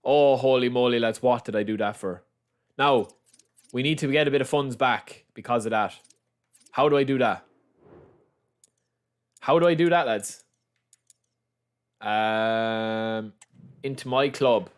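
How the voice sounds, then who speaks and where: A young Irish man giving chatty, excitable live commentary as he plays a game on stream, calling out to his viewers. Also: mid-range voice, unhurried, long pauses, smooth. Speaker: gaming livestreamer. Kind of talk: casual live commentary over gameplay.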